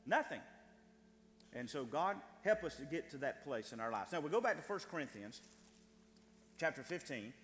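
A man's voice: fairly high pitch, big pitch swings, brisk, a bit bright. Man preaching in an echoing hall. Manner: building to emphatic, rising cadence with repeated words. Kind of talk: sermon. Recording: light hum in a reverberant hall.

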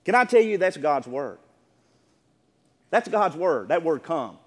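A man preaching a sermon as pastor of his church, emphatic and building to near shouts. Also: on the high side, big pitch swings, a little slow. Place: church sanctuary. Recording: long church reverb.

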